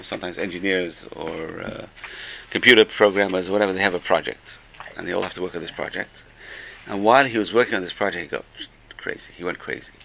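Guy with a gravelly bright voice teaching a class, acts out the people in his stories. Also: medium pitch. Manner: animated storytelling with acted-out voices. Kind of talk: Torah class talk.

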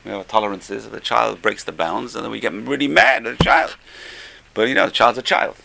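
Older man, informal Torah class, bright forceful tone, lowish voice, conversational. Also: fairly quick, gravelly. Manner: conversational, repeats key phrases, swings loud for emphasis. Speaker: Torah teacher.

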